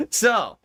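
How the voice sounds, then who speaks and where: A man's voice: pushed and bright, slight background noise. An American man streaming to his viewers in rambling casual chat, laughing often and swearing casually. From United States. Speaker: streamer talking to his audience.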